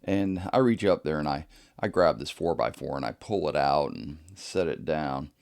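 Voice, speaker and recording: A man's voice: rumbling low, normal speed, gravelly, a little mellow. A man hosting a podcast, telling a casual story in an easygoing way and chuckling often. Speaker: podcast host.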